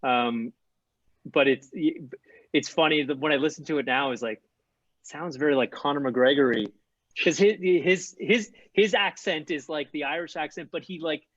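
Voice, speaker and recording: A man's voice: a little high, moderate pace, a bit bright, dry recording. Man rambling on a video call. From Newfoundland, Canada. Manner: rambling, many fillers and restarts. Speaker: guest. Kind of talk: casual video call chat. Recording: dull lo-fi video call audio.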